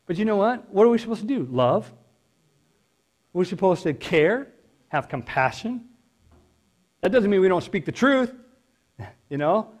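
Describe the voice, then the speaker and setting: A man's voice: high voice, big pitch swings, a little slow, pauses often. A male pastor preaching a sermon in a conversational, emphatic way, throwing out rhetorical questions.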